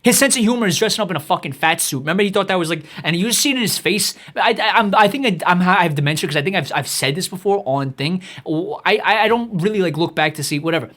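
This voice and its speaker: A man's voice: high-pitched, lively intonation, fast, few pauses, a bit bright. A man hosting his own podcast, delivering a rambling, profanity-heavy comedic rant that is exasperated and mocking and full of restarts. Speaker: podcast host.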